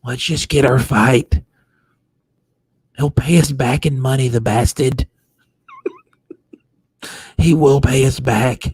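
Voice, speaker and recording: A man doing an impression of a cautious, money-minded older boxing manager who speaks in a slow, placating way. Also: medium pitch, steady tone, darkish tone, slightly rough, no echo.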